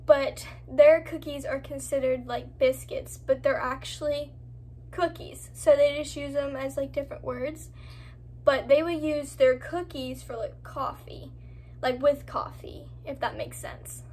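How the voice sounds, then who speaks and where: High-voiced chatty young American woman vlogging. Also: slight background noise. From Florida, United States. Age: young adult. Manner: chatty, rambling, heavy use of "like". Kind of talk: casual vlog talk to camera.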